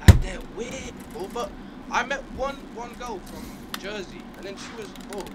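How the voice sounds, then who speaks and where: London-accented man, lively high voice, casual slang, noisy line. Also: moderate pace. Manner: laid-back slang, ends lines with "bro" and "innit". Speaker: guest on the stream. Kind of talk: casual chat. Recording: noisy background.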